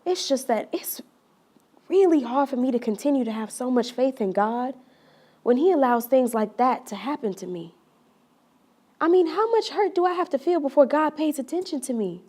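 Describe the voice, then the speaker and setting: A woman performs a young woman pouring out the story of a painful relationship, hurt yet resolute. Her voice sits a little high, and she confides each detail in earnest, steady storytelling. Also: moderate pace. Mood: pleading. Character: young woman recounting a hurtful relationship, wounded but resolute. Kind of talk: dramatic monologue.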